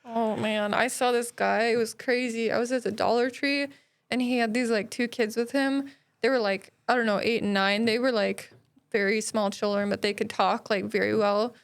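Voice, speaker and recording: A woman's voice: on the high side, fairly even intonation, normal speed, vocal fry, clean tone. A woman co-hosting a podcast, telling stories in casual chat with lots of "like" fillers. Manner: rambling storyteller, many "like" fillers. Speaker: podcast co-host.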